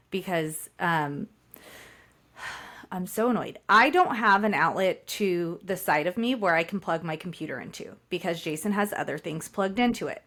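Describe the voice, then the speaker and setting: A woman's voice: on the low side, a bit bright. Exasperated woman venting on a podcast. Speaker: podcast co-host. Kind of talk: casual storytelling chat.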